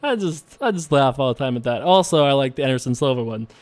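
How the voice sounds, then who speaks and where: A man's voice: medium pitch, animated, fast, no room sound. A man hosting a poker video, talking casually and playfully with lots of fillers and little laughs while he plays. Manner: rambling and playful, many fillers, frequent self-laughing asides. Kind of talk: casual commentary while playing online poker.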